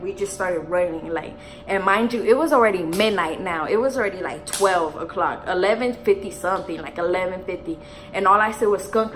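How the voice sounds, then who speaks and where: A young woman from telling a story while doing her makeup, in an animated slangy way full of fillers and swearing. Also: mid-range voice, rough recording. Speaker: beauty vlogger.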